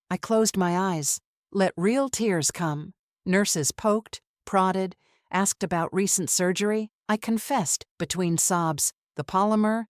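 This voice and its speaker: A woman narrating a dramatic first-person story in measured, clipped phrases. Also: lowish voice, no echo, clean studio sound.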